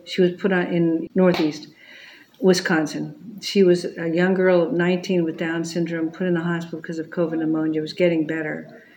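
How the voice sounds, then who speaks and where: A woman's voice: lowish voice, level tone, moderate pace, warm tone, lo-fi sound, slight background noise. A middle-aged woman, a Catholic religious sister, telling a personal testimony in an earnest, storytelling way. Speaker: Catholic religious sister and pro-life speaker.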